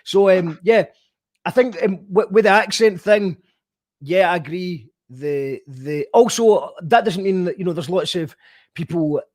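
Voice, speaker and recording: A man's voice: sits high, a little slow, darkish tone. A man hosting a casual interview, easygoing and casually sweary, often restarting his sentences. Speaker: interview host.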